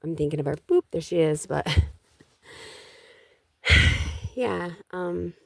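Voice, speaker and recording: A woman's voice: on the low side, expressive, takes it slowly, vocal fry, no room sound, studio quality. A middle-aged woman chatting casually in a rambling way about spiritual matters, with many restarts. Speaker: vlogger.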